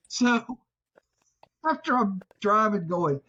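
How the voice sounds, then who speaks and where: A man hosts a casual podcast chat in a fairly high voice, telling stories with profane, exasperated bursts. The recording has a slightly dull, lo-fi sound. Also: a little slow. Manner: animated, profane, jumps into loud exasperated outbursts. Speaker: podcast host.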